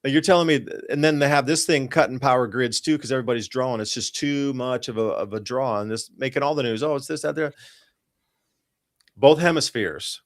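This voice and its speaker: A man hosting a talk show, talking through weather charts in an excited, emphatic and rambling way. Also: mid-range voice, fast talker, few pauses, no room sound, clean studio sound. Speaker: host.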